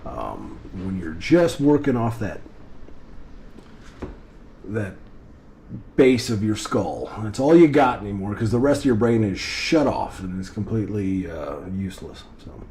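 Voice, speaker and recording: A man's voice: fairly low pitch, sing-song, measured pace, dark tone, a little hiss or hum. A middle-aged man, an airline pilot, talking earnestly and reflectively to his daughters in a loosely rambling vlog monologue.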